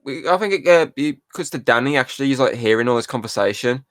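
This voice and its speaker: A man's voice: medium pitch, lively intonation, fast, a bit bright, no echo, clean studio sound. A young man hosting a podcast, casually recapping a film scene by scene and acting out the quoted lines between laughs. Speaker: podcast host. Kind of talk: casual film breakdown chat.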